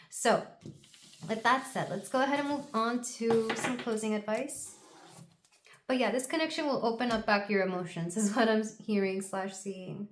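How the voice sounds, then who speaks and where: A woman's voice: medium pitch, brisk. A woman doing a solo tarot reading, talking in a loose, musing, chatty way. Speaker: tarot reader.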